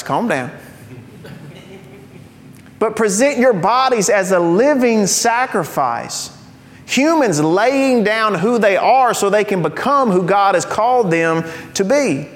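In a large church sanctuary, judging by the long, ringing reverb, a pastor with a high voice gives a sermon. His teaching is conversational with occasional humor, and he slows right down to emphasize the key phrases.

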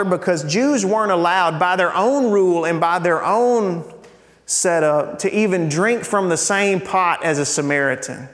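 A man's voice: high-pitched, a little slow, a bit bright, big-room sound. A man preaching a sermon in a conversational way, restarting and repeating words and asking "right?".

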